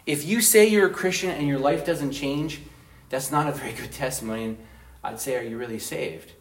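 A man's voice: medium pitch, brisk, vocal fry. A man teaching an informal Bible study, conversational and asking his group questions.

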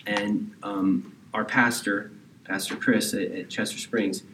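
A man preaching a sermon in a church, talking in a conversational way that sometimes drops to a hushed near-whisper. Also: on the low side, level tone, takes it slowly, reverberant. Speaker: pastor. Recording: distant mic with faint background hiss.

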